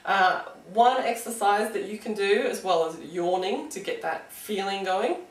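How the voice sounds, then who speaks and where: An Australian woman talks through a singing lesson in a chatty, encouraging way. Her voice sits at a middling pitch. It sounds roomy and echoey, as if she is standing a little back from the mic. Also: measured pace, distant mic. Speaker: singing teacher. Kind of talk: casual online singing lesson.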